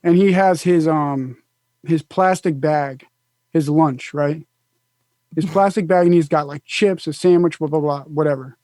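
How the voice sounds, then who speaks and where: A man with a notably high speaking voice tells a rowdy story on a podcast. He swears freely and laughs his way through the punchlines. The chat is loose and casual. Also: measured pace, warm tone, no echo.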